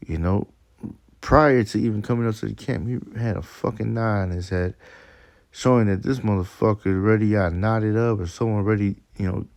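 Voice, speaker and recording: A man with a very low, gravelly voice and a dark, mellow tone, speaking. He preaches in a loose, profane, emphatic way that mixes scripture with street stories. The sound is dry and close. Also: steady tone, normal speed, dry recording. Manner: profane, emphatic, laughs at his own stories. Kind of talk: casual preaching monologue.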